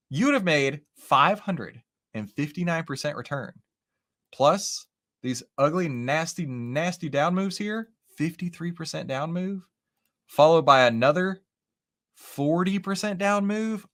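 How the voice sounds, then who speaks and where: Man, live trading stream host, chatty, animated pitch, keeps asking "right?". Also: measured pace. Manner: lively, animated, talks with chat and charts; says "right?" and "okay?" often. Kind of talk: casual live market commentary.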